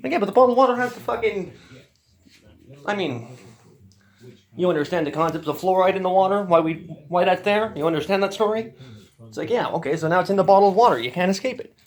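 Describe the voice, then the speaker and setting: A man's voice: high-pitched, quick pace. A man telling a rambling story as a podcast guest, swearing often and ranting with energy. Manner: profane, animated ranting.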